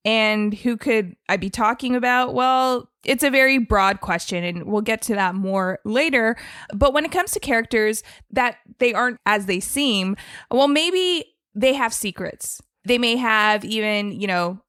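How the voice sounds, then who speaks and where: A woman's voice: fairly high pitch, measured pace, fairly bright tone, clean tone, no room sound, studio quality. Chatty woman hosting a gaming podcast. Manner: chatty, playful, laughs easily. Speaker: podcast host. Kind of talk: casual gaming podcast chat.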